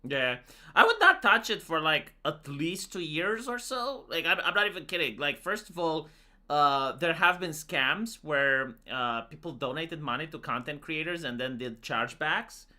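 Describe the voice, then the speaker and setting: A woman's voice: low voice, lively intonation, moderate pace, pushed and bright. A woman hosting a live stream, chatting casually and rambling with lots of fillers and jokes. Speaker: streamer host.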